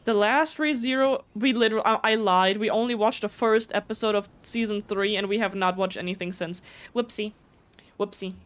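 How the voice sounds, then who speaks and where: A woman whose first language is German, chatting casually on a live stream, talking fast with frequent stutters and restarts. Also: medium pitch.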